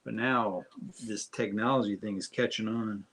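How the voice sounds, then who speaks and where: A man's voice: on the low side, steady tone, moderate pace, fairly bright tone. Brief: male co-host, jokey sidekick banter on a casual live stream. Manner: joking, teasing banter.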